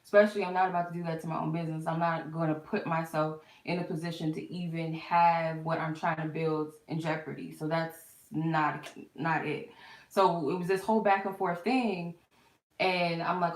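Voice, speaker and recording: A woman's voice: fairly low pitch, steady tone, moderate pace. A young woman who reads tarot, telling a personal story in a candid, casual way with frequent swearing. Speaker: tarot reader. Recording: echoey room.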